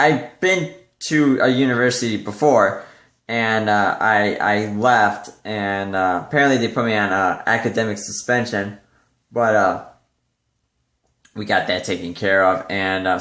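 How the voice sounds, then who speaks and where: A young man chatting casually to the camera in a rambling vlog, full of fillers and lively when quoting others. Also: on the low side, normal speed. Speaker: vlogger. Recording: echoey room.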